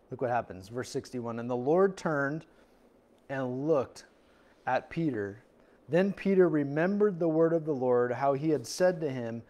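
A man's voice: medium pitch, unhurried, long pauses, darkish tone. A male pastor preaching a verse-by-verse sermon in a conversational way, acting out the people in the story with little voices. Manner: conversational, acts out quotes with voices. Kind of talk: expository sermon. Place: church.

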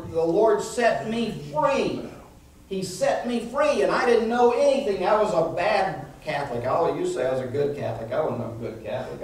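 Male pastor, animated sermon, fairly high voice, very echoey church, distant mic. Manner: animated preaching, calls out "amen?" to the congregation. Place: church sanctuary.

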